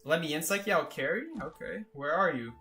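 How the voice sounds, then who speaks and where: A man's voice: a little high, lively intonation, brisk, sharp tone, soft background music. A man streaming a game and chatting casually with viewers, rambling, correcting himself and laughing often. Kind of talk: casual live-stream chat.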